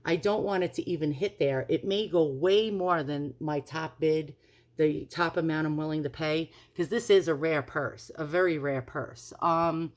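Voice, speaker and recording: A chatty New York woman with a lowish voice vlogs about antiques from her home. Talking casually to the camera, she rambles and repeats herself.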